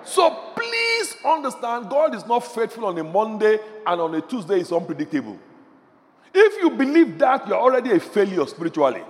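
A man preaching a sermon fervently, dropping to quiet murmurs and rising to shouts. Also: high voice, wildly swooping pitch, moderate pace. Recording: long hall reverb.

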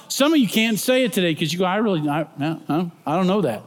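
Middle-aged preacher guy, highish voice, goes soft then loud, long hall echo. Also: lively intonation. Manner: swings from soft and slow to loud proclaiming. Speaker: pastor. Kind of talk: sermon.

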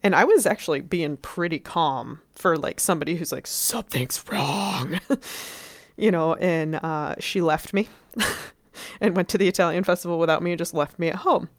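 Woman, low-pitched voice, casual storytelling, rambling, filler-heavy, swearing, dry sound. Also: normal speed, no room sound.

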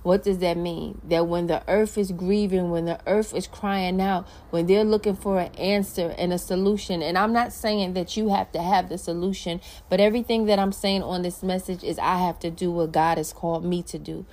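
A woman's voice: fairly low pitch, moderate pace, few pauses. A woman hosting a Christian podcast, talking casually about faith and reading scripture aloud, using slang as she goes. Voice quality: animated, conversational preaching with slang. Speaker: podcast host.

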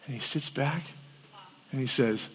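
A man's voice: mid-range voice, measured pace, very noisy. A man, a campus pastor, preaching a sermon and telling stories, animatedly acting out the quotes. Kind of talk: sermon with storytelling. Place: large hall at a winter camp. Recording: long reverb of a hall.

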